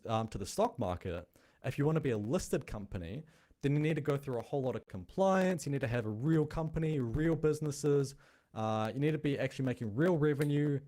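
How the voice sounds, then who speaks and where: A man with a dark-toned, mid-range voice hosts a crypto show. He has a noticeable non-American accent and gives a casual explanation in a blunt, chatty manner, thinking aloud.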